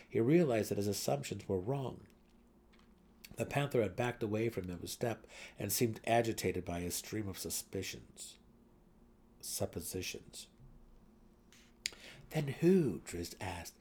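A man giving a dramatic reading of a fantasy novel, swelling louder and sinking to hushed tones, with a husky voice. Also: fairly low pitch. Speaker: audiobook narrator.

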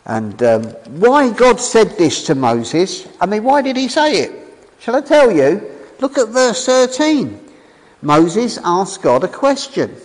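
This rough recording, with a long reverb tail, features a man whose voice sits high as he preaches with enthusiasm. He quizzes the congregation, stays animated throughout, and reads scripture aloud, pausing along the way.

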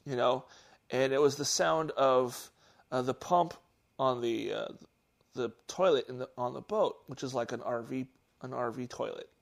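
A man casually telling a childhood story on a podcast, halting and restarting often. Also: mid-range voice, creaky. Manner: halting, with many restarts and fillers; gets animated at the story's peak. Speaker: podcast host.

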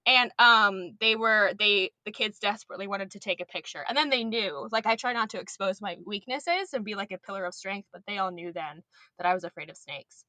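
A woman's voice: medium pitch, fairly quick, pushed and bright, dry recording. A young woman and preschool teacher chatting as a podcast guest, telling stories animatedly and swearing casually.

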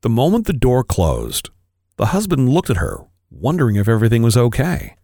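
A man, a podcast co-host, reading an erotic story aloud with expressive, varied delivery. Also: mid-range voice, moderate pace, no room sound, studio quality.

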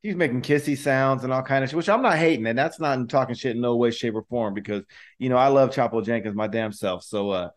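Male podcast co-host, mid pitch, streetwise slangy banter, heavy cursing. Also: fast. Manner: slangy, profane banter with lots of "bro" and fillers. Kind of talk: casual chat.

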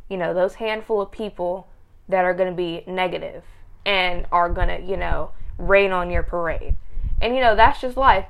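A young woman hosting a casual advice show, rambling with frequent restarts. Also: mid-range voice. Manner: rambling, restarts, laughs easily. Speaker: host.

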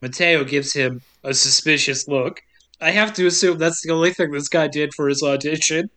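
A woman's voice: sits low, normal speed, fairly bright tone. Woman recapping a movie on a podcast, wry and sarcastic, laughs a lot. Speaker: podcast host. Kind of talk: casual movie recap narration.

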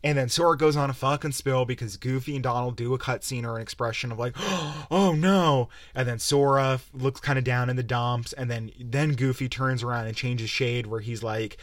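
A young man ranting through a game review, profane and exasperated, rambling from one gripe to the next. His voice sits at an ordinary middle pitch. The sound is close and dry, with no room around it. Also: little pitch movement, brisk, hardly any pauses, dry recording. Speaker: podcast host. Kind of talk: casual game-review rant.

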